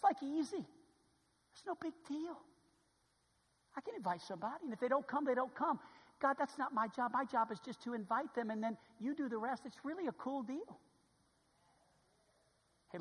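Husky high-voiced preacher in a reverberant church. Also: male voice. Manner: dramatic, acts out little scenes, swings from shouting to hushed. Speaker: pastor. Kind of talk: sermon. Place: church sanctuary. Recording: hall reverb.

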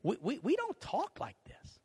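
A middle-aged man preaching a sermon, animated, acting out little conversations and swinging between loud and hushed. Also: very high voice, normal speed. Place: church sanctuary. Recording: reverberant hall.

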